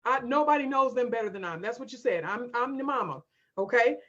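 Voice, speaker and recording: A woman's voice: a little high, lively intonation, fast, a bit bright, dull audio. Emphatic woman hosting a live stream. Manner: emphatic, direct, addresses viewers as y'all. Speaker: homeschool coach and live-stream host. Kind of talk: live-stream talk reading viewer comments.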